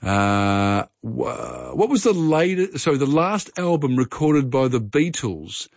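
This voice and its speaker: A man's voice: medium pitch, sing-song, takes it slowly, no echo. A man hosting a radio quiz in a casual, rambling way with fillers. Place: radio studio. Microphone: studio microphone. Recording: slightly dull dry radio studio sound.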